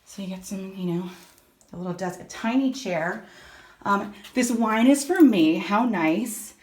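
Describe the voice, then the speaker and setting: A woman's voice: mid-range voice, unhurried. Young woman, travel vlogger; loose, chatty, filler-heavy delivery to a handheld camera, a bit winded. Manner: chatty, complaining, lots of "like". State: out of breath. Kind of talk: casual vlog chat. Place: small rented room in a villa.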